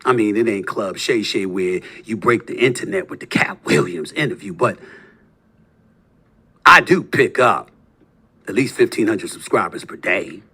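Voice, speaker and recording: A man in his fifties delivering a heated, combative monologue as a sports talk host, taunting with rhetorical questions and swinging between low muttering and loud outbursts. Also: expressive, moderate pace, husky. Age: 50s.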